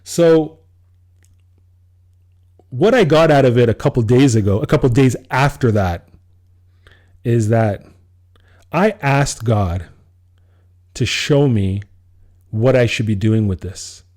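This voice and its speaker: A man co-hosting a casual podcast, telling a personal story with a dark, mellow voice. He acts out what he said to people and breaks into laughter along the way. His pitch sits in an ordinary middle range for a man. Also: slow, long pauses. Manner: animated storyteller, acts out his own quoted lines, laughs often. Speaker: podcast co-host.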